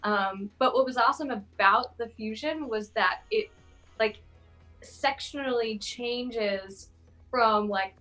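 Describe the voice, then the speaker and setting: A woman's voice: a little high, slow. A woman guest on a music panel, talking through a song thoughtfully with many fillers. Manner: thoughtful, animated, filler-heavy. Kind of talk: casual music review chat.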